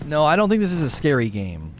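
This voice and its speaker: A man's voice: on the high side, huge pitch swings, fast talker, a little hiss or hum. A man hosting a gaming channel, commenting live as he plays, joking and poking fun at himself. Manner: joking and self-mocking, playful asides to viewers. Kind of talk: live let's play commentary.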